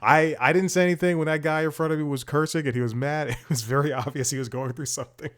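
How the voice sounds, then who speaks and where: A man's voice: fairly high pitch, fairly even intonation, fast talker, fairly bright tone. Rambling exasperated young man host. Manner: rambling, exasperated, full of restarts and laughs. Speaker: podcast host. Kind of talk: casual comedic rant.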